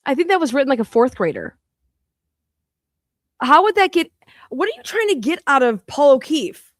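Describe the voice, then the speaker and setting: A woman's voice: sits high, big pitch swings, normal speed, no room sound. Blunt, scornful woman, dry close sound. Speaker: co-host. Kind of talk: profane commentary.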